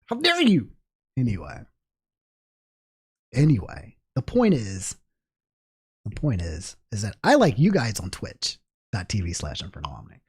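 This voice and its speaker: A man with a husky, lowish voice talks at a moderate pace as he livestreams, casually addressing his chat. He rambles, often restarts, and breaks off into animated asides in this casual stream commentary.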